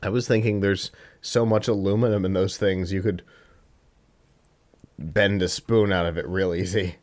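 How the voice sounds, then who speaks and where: A man's voice: sits low, fairly even intonation, moderate pace, a little mellow. A man co-hosting a casual comedy tech podcast, teasing his partner with a wry tone. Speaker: podcast co-host.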